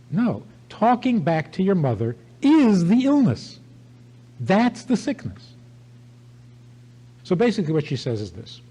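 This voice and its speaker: A man's voice: on the high side, warm tone, poor audio. An older man, a rabbi, giving an emphatic sermon-style talk and telling a story with repeated phrases.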